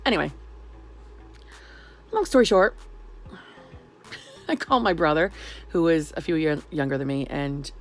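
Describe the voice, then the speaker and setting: A woman in her thirties from New York State, telling a sarcastic, animated venting story in a vlog. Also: deep voice, a little slow, pauses often. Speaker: vlogger.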